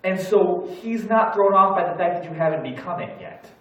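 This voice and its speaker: Man, pastor, sermon, animated storytelling, echoey hall, distant mic, slightly raised voice. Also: sits high, normal speed. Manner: storytelling, animated, acts out his own panic. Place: church sanctuary.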